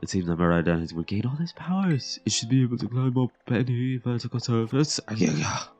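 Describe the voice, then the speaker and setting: A man voicing a middle-aged male scientist in a video game, speaking in a hurried, earnest way. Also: medium pitch, expressive, a little mellow, highs cut off, faint music behind, voice pushed up, lightly acted. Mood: urgent.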